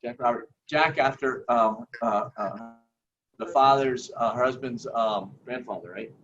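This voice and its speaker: A man telling family stories in a lively, laughing way during a video call. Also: mid-range voice, measured pace. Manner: lively storyteller, laughs often. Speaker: family member sharing memories. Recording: muffled, distant, noisy call audio.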